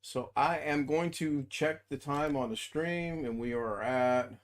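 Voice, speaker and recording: A man's voice: on the high side, unhurried. Chatty male livestream host. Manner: chatty, rambling, reads out viewer names. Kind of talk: casual live stream chat.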